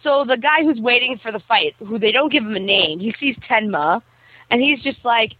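A woman in casual conversation who rambles animatedly, full of fillers, as she recounts a story. Her voice is somewhat high. It comes through a thin, phone-like channel with a dry sound. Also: expressive, moderate pace, dry recording. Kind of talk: casual chat retelling an anime plot.

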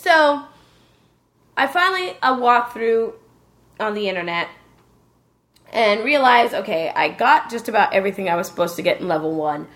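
A woman casually telling a lively story about a video game, cursing and joking as she goes. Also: medium pitch, moderate pace, long pauses. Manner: animated storytelling, swearing, joking voices.

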